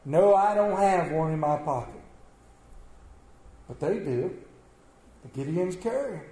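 A man's voice: a little high, expressive, a little slow, dark tone. A man in church asking the congregation for donations, questioning them directly. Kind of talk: offering appeal in church. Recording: echoey church hall.

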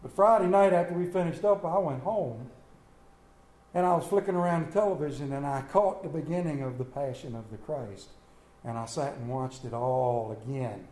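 A man preaching an Easter sermon in a folksy way, swinging between loud calls to the congregation and quiet asides. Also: medium pitch, normal speed. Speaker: pastor. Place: church sanctuary. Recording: echoey church room.

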